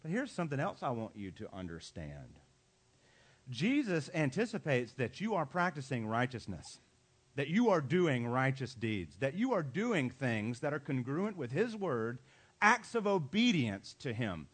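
A man, a pastor, preaching a sermon with emphatic delivery and dramatic pauses. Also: mid-range voice, big pitch swings, husky.

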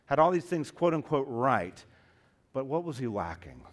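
Man, pastor, sermon, impassioned preaching, swings from hushed to loud, calls listeners beloved. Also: medium pitch, sing-song, moderate pace. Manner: addresses listeners as beloved and dear friends.

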